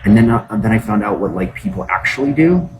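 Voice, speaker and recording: A man's voice: lowish voice, lively intonation, a little fast, over music. A man hosting a casual livestream from his phone, rambling to his viewers with lots of fillers and asides. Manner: rambling, filler-heavy, repeats "just saying". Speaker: livestream host.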